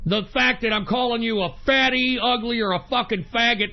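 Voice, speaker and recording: A man with an unusually high voice hosts a talk radio show in an angry, profane rant. His delivery is heated and combative. The audio is dull and lo-fi, like an old radio archive recording. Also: moderate pace, hardly any pauses.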